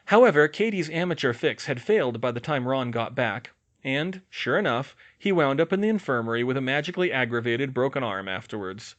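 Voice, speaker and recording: A man's voice: mid-range voice, expressive, a little fast, a bit bright. Man narrating a fan fiction audiobook.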